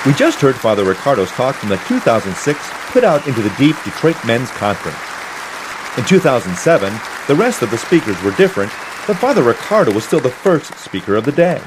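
A male presenter briskly introduces a recorded talk, his pitch moving in an animated way. Clear crowd murmur and background noise sit behind him. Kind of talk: radio-style introduction. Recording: noisy with crowd ambience.

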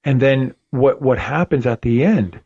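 A man's voice: mid-range voice, expressive, unhurried, a little mellow, husky. Earnest preacherly man, dull lo-fi sound. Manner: earnest, preacherly emphasis with repetitions. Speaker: podcast host. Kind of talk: faith podcast conversation.

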